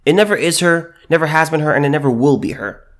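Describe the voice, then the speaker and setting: A man's voice: fairly high pitch, quick pace. A man giving opinionated video commentary and reading news aloud, emphatic and repeating himself, with many restarts.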